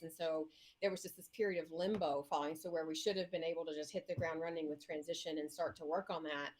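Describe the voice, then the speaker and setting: A woman serving as mayor, speaking in a relaxed interview. She tells her story with animated energy and jumps into acted-out voices. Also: deep voice. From Indiana. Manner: animated storyteller, acts out voices in shrieks and laughter. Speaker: mayor, guest.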